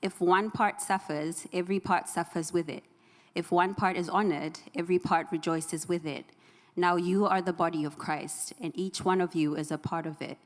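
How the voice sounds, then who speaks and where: Low-voiced woman reading scripture in a hall. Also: steady tone, normal speed. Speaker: scripture reader. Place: church sanctuary. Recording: hall reverb.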